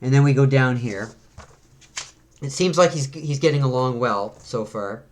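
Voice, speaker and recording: Chatting casually, a man reads through a comic book out loud and drops into brief voices for its characters. He speaks at a middle pitch in a relaxed, talkative way, with a little hiss or hum in the background.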